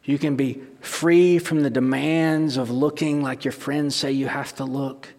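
A man's voice: medium pitch, fairly even intonation, measured pace, a little mellow. Middle-aged man preaching in a reverberant hall. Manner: emphatic, with rhetorical questions and restarts. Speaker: pastor. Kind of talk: sermon.

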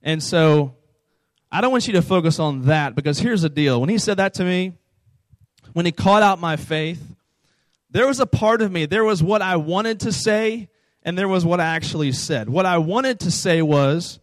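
A man's voice: sits high, moderate pace, dry recording. A young man, a youth pastor, telling a personal story to a youth group in a casual, conversational way, often checking in with "right?".

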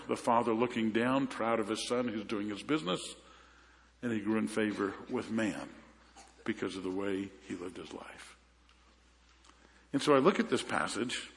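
This pastor's sermon comes in a voice on the low side with vocal fry, trailed by a long reverb tail. He tells stories informally and frequently starts his sentences over.

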